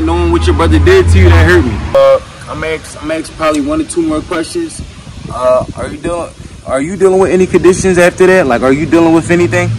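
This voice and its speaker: A man interviewing people on the street for his vlog, earnest and emotional, often repeating himself. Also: fairly high pitch. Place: outdoors on a city street. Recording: street traffic noise outdoors.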